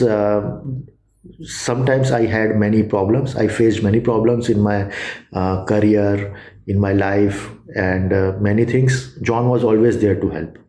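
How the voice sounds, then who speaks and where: A man with an Indian accent giving a casual testimonial, halting with many fillers and restarts. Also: lowish voice, mellow, reverberant.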